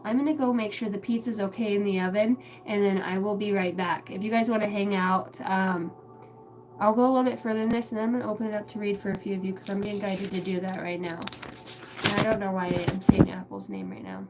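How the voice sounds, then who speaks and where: A woman's voice: medium pitch, slight background noise. A young woman livestreaming from home as a psychic reader, chatting casually in a rambling way and swearing a lot.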